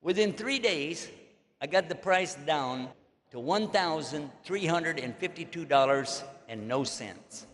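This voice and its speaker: A man's voice: on the high side, expressive, unhurried, fairly bright tone, a little hiss or hum. An older man with a Texan accent, telling stories in a folksy, joking way to an audience as an Islamic preacher. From Texas. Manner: folksy, joking, drawling asides. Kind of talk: storytelling lecture to an audience. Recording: long echo of a large hall.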